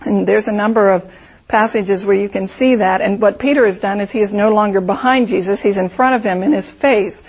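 A woman's voice: mid-range voice, a little fast, a little mellow, slightly rough, highs cut off. A woman teaching a Bible study, explaining the text through vivid storytelling and imagined scenarios.

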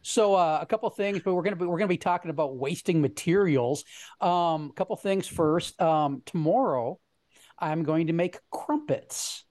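A man's voice: a little high, moderate pace, darkish tone, no echo. A man hosting a podcast from a home studio, chatting casually and joking as he rambles through stories. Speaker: podcast host. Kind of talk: casual chat.

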